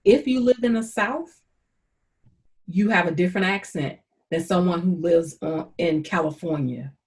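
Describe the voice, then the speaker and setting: A woman with a St. Louis accent hosting a conversation, speaking in an earnest, encouraging and measured way. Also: lowish voice. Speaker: host. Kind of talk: casual conversation.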